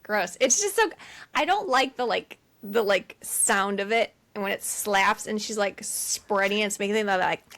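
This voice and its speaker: A woman's voice: mid-range voice, normal speed. A woman co-hosting a film podcast, a mother, chatting casually and acting out lines from scenes. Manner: animated retelling with voiced quotes. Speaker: podcast co-host. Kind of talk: casual chat.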